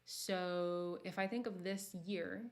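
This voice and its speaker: A woman hosting a casual livestream, reading viewer comments and talking frankly, her voice jumping from loud outbursts to soft near-whispers. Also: fairly low pitch, steady tone, slow. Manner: candid and sassy, swings between loud bursts and near-whispers. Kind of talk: casual chat.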